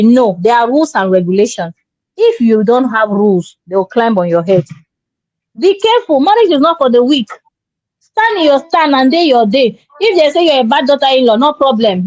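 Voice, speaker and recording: A woman's voice: fairly high pitch, a little mellow, no room sound. Emphatic woman giving marriage advice. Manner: emphatic, preachy, acts out quoted dialogue. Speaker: relationship commentator. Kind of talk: casual advice talk. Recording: dull dry lo-fi sound.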